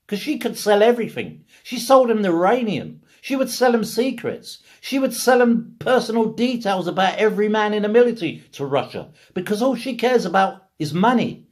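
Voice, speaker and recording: A man's voice: sits high, big pitch swings, moderate pace, hardly any pauses. A man from England ranting in a casual monologue, full of rhetorical questions and repeated phrases. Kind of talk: casual political rant.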